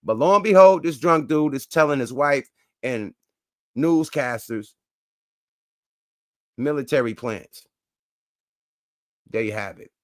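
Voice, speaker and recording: A man's voice: mid-range voice, slow pace, pauses often, dry recording, clean studio sound. A man hosting a show, reacting to clips with loose, profane, emphatic commentary and catchphrases. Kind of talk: casual commentary.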